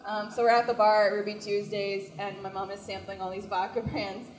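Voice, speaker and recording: A woman's voice: mid-range voice, level tone, fairly quick, a loud crowd. A young woman doing a stand-up comedy set, chatty and self-deprecating, with lots of "like". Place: small comedy venue, indoors. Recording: echoey live comedy venue.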